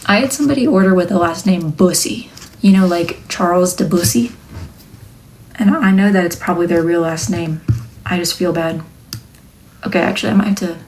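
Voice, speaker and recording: A young woman, a wood-burning artist, chatting casually on a live stream, joking and now and then dropping into a soft near-whisper. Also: lowish voice, slight background noise.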